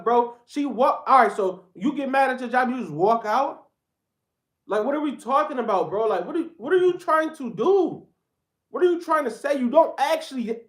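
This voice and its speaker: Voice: mid-range voice, expressive, moderate pace. A heated political reaction rant from a commentator who talks bluntly and keeps circling back to the same points. The speech is loose and slangy, with "bro" thrown at the audience again and again. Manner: blunt, repetitive, slangy, addresses viewers as bro.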